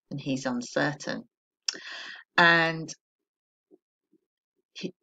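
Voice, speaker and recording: An English woman teacher talks through a recorded lesson for young pupils. Her voice has a gravelly, creaky edge. She explains each step clearly and patiently. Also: deep voice, fairly bright tone. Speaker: primary school teacher.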